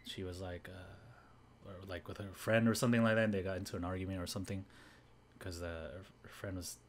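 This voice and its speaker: A man with a lowish voice talks in an easygoing, meandering way, piling on fillers as he recaps a show for his podcast co-hosts. It is relaxed, unscripted chat. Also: brisk, a little hiss or hum. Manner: rambling recap, full of fillers and acted quotes. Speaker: podcast co-host. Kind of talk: casual chat.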